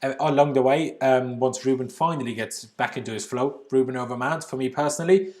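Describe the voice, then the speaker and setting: A man's voice: medium pitch, brisk, darkish tone. Man, Austrian accent, casual livestream host, home setup, slangy, reads comments aloud. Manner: chatty, reads viewer comments aloud and answers them; casual British slang, says "bloody" often. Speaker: football channel host.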